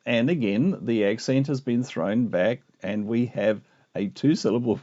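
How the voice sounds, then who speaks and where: A man teaching a video lesson on Greek grammar, explaining with lively asides. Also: mid-range voice, a little slow. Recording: muffled lo-fi recording.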